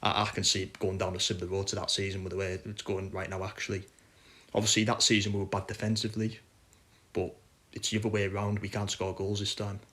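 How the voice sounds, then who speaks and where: A man's voice: on the low side, completely flat delivery, fast talker, a bit bright. Frustrated man ranting. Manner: frustrated, blunt, swears. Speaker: football fan podcaster. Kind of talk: casual ranting chat.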